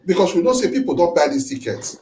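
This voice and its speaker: A man with a Nigerian Pidgin accent hosting an interview, asking drawn-out, animated questions. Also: high-pitched, echoey room, slight background noise, rough recording. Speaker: host.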